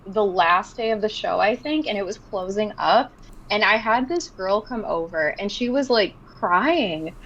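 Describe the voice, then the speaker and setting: A woman's voice: unhurried, lo-fi sound. A woman artist chatting casually on a stream, telling stories animatedly and acting out what people said. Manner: animated, acts out quotes in a high excited voice. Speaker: artist guest. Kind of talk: casual storytelling chat.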